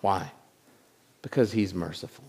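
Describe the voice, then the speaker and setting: A man preaching a sermon in a conversational way, often repeating words and swinging from loud lines to hushed ones. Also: sits low, measured pace, breathy edge. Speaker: pastor.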